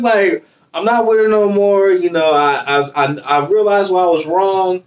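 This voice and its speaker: A man's voice: sits high, normal speed. A man hosting a casual podcast, telling stories with a joking, laughing manner. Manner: laughs often, joking storyteller. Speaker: podcast host.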